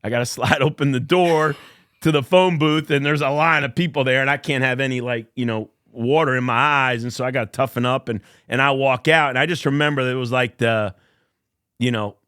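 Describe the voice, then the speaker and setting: A man's voice: medium pitch, fairly quick, a bit bright, smooth, no echo, clean studio sound. A man in his fifties, a college baseball coach, telling a personal story in an earnest, emotional way during a podcast interview. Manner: earnest, emotional storyteller who acts out quotes.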